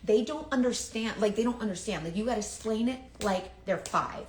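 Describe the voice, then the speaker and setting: A woman's voice: a little high, a little fast, a little hiss or hum. A woman selling makeup tells a casual, self-deprecating story, oversharing and acting out what others said, and she is sweating and overheated. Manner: chatty, self-deprecating, oversharing, quotes others in lively voices. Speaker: makeup seller. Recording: echoey room.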